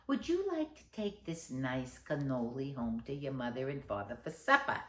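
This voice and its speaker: A woman's voice: a bass voice, big pitch swings, moderate pace. A woman voicing a kindly old Italian grandmother who coaxes her grandson with Italian endearments, in a roomy space. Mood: coaxing. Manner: coaxing, sprinkled with Italian endearments. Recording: roomy echo.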